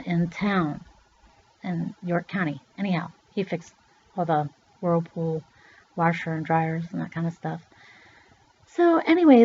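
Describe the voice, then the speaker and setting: On a dull lo-fi recording, a middle-aged woman from Pennsylvania vlogs a personal story, loose and talkative, with the odd swear word and acted-out voices in her quotes. Her voice is mid-range and a little mellow.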